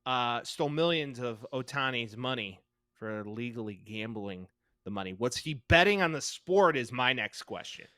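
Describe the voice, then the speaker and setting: A man's voice: medium pitch, lively intonation, normal speed, pushed and bright, no echo, clean studio sound. A man co-hosting a casual sports podcast, loose and joking. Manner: loose and joking, trails off with fillers. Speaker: podcast co-host.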